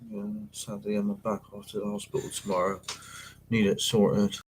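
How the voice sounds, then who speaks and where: Bloke on a ghost hunting livestream, low-ish voice, swears a lot, rambling stories, bit of background hiss. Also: male voice, level tone, moderate pace. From England. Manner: rambling, sweary storytelling with mates' slang. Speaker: paranormal investigator hosting a livestream. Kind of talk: casual live chat with viewers.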